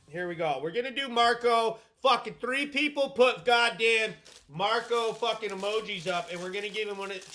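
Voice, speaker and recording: Hyped, foul-mouthed male live-stream host. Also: high-pitched. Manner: loud, profane, hyped shout-outs. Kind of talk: profane live-stream comment chat.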